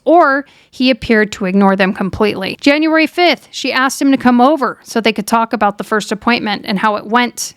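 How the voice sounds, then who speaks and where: A woman's voice: a little high, clean tone, no room sound, studio quality. Emphatic woman telling a true crime story. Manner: emphatic, conversational, talks to viewers directly.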